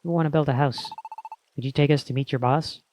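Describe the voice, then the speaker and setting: A man's voice: mid-range voice, fairly even intonation, brisk, darkish tone, slight background noise, lightly acted. A man voicing brusque, slangy carpenter's apprentices while reading game dialogue over game music. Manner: brusque, working-class slang.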